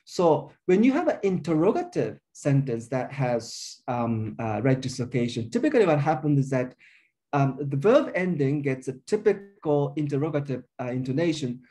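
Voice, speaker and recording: Lively, mellow-voiced man giving a linguistics lecture. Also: medium pitch, moderate pace. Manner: explanatory, thinking aloud with frequent uh and um. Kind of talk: academic colloquium lecture.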